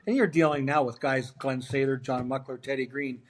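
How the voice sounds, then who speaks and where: A middle-aged former hockey player, appearing as a guest on an interview show, tells animated anecdotes casually and acts out the dialogue of the people in them. His voice is medium-pitched and fairly quick.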